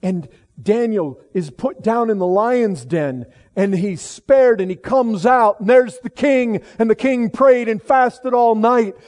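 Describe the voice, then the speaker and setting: Preaching slowly and with emphasis, a middle-aged man swings from hushed, solemn passages to loud outbursts. Phrases get repeated and restarted frequently throughout his sermon.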